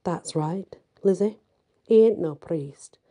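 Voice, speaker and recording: A woman's voice: on the low side, takes it slowly, warm tone. A woman doing a teasing gossipy prisoner woman.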